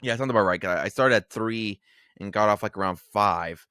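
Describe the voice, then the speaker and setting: A man's voice: fairly low pitch, normal speed, sharp tone, clear, resonant tone, no echo, clean studio sound. A man co-hosting a casual podcast, rambling with plenty of fillers, restarts and swearing. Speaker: podcast co-host.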